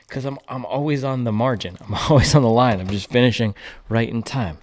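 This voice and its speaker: A man's voice: fairly low pitch, brisk, darkish tone. A young man chatting casually in a vlog as a running shoe reviewer, playful and rambling with jokey slang.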